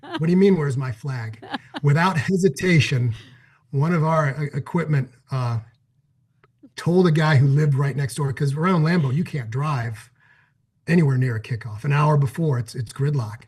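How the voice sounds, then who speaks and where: A middle-aged man from Cleveland, a former pro football player, telling an animated story as a guest on a talk show. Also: a little high, normal speed, slightly rough. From Cleveland, Ohio, USA. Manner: energetic, acts out quoted exchanges.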